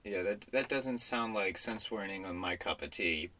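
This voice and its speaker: A young man hosting a casual chat podcast, talking in an animated, jokey way with laughing asides. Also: fairly low pitch, moderate pace. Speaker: podcast host.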